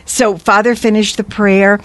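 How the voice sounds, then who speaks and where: A woman's voice: mid-range voice, level tone, measured pace, dry recording. A woman on a radio show, earnestly telling a long personal story and acting out the voices of the people in it. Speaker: guest.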